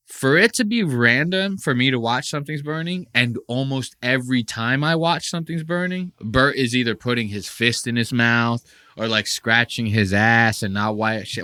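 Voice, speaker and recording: A man's voice: mid-range voice, a little slow, smooth, no room sound, studio quality. A man hosting a podcast in casual reaction chat, swearing freely and acting out quotes with mocking impressions. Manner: animated, swears a lot, does mocking impressions. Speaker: podcast host.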